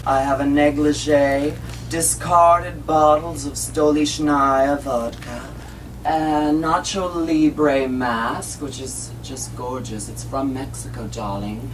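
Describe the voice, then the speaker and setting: A man's voice: mid-range voice, steady tone, pitched above the performer's own voice, close to an everyday voice. Male performer as a grand, languid drag diva; distant, hissy camcorder sound. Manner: affected put-on drawl, slow and grand. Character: languid campy drag queen persona, grand and self-mocking. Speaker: drag performer in audition tape. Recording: distant, noisy old camcorder audio.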